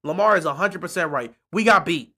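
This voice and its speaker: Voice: mid-range voice, a little fast, sharp tone. A sports fan streaming a live reaction, ranting in a frustrated, sarcastic way and repeating points over and over.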